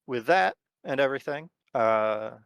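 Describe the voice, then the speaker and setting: A man narrating as game master of a tabletop horror game, talking in a relaxed, rambling way with lots of fillers. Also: mid-range voice, measured pace, gravelly, clear, resonant tone, no echo.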